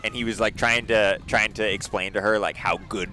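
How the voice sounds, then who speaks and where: A young man with a lowish voice chats his way through a track meet livestream. He talks loosely and casually, leaning on filler words and easy laughter as he calls the race from outdoors. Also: fairly even intonation, normal speed, pushed and bright. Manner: chatty, filler-heavy with frequent laughs. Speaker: meet commentator.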